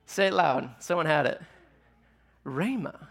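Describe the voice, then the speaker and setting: Guy preaching to a church crowd, chatty and asks them stuff, voice on the higher side. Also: lively intonation, unhurried, vocal fry, a bit bright. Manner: conversational, asks the audience questions. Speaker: pastor. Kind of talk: sermon.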